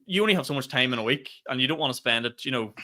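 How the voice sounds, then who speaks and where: A man, a stand-up comedian co-hosting a podcast, telling stories in animated, casual chat and swearing freely. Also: mid-range voice, rapid-fire. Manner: animated storyteller, laughs mid-sentence, swears freely.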